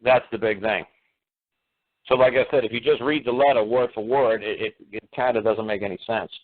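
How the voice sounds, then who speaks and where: A man's voice: on the low side, fairly even intonation, brisk. A man talking insistently on a radio talk show, firing off repeated rhetorical questions that grow heated. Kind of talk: emphatic call-in radio talk. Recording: tinny phone-line radio audio.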